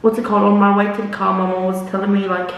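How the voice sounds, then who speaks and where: A young woman races through a rambling storytime while doing her makeup, her medium-pitched voice flat in delivery, full of swearing and "like" and "literally." The vlogger talks away from the camera in an echoey room, and the distant-mic recording is muffled and roomy.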